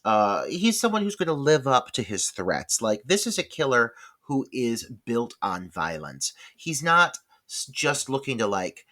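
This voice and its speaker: A man's voice: medium pitch, sing-song, a little slow, few pauses, pushed and bright. A man co-hosting a film podcast, talking casually and swearing freely. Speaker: podcast co-host.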